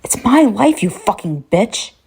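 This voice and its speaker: A woman's voice: mid-range voice, big pitch swings, unhurried, gravelly, breathy edge, voice pushed up, exaggerated voice. A woman doing a furious, scared young man. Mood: defiant. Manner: defiant, shouting, swearing.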